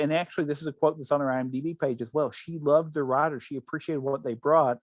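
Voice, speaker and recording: A man's voice: a little high, fairly even intonation, fast, no room sound. A man hosting a podcast, telling stories in casual chat with many restarts. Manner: rambling storyteller with many restarts. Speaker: podcast host.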